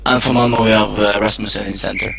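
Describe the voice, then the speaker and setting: A man's voice: fairly low pitch, steady tone, fairly quick, vocal fry, crowd noise, low-quality recording. A man co-commentating on a goalball match, speaking hesitantly and plainly. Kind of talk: sports commentary.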